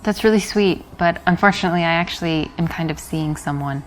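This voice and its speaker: A woman's voice: on the low side, brisk, natural voice, low-quality recording. A woman playing a poised young woman who turns down advances in a dry, polite, unimpressed way. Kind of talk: game dialogue acting.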